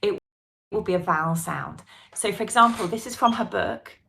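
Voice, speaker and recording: A woman's voice: mid-range voice, creaky, slight background noise. A woman with a British English accent teaching a pronunciation class, coaxing her students and drilling sounds with careful repetition. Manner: lively, coaxing, drills sounds slowly and repeats them. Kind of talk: live online pronunciation lesson.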